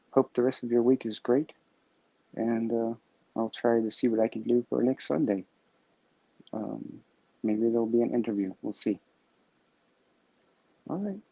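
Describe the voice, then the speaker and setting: A man hosting a weekly positive message, talking in a halting, rambling way with many restarts and fillers. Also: medium pitch, vocal fry, no room sound. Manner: halting, full of restarts and fillers, self-amused. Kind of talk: rambling casual monologue. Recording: dull lo-fi dry recording.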